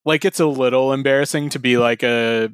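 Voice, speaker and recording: A man in his thirties chatting casually on a podcast, relaxed and swearing now and then. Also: medium pitch, fairly quick, smooth, no room sound. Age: 30s. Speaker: podcast co-host. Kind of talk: casual chat.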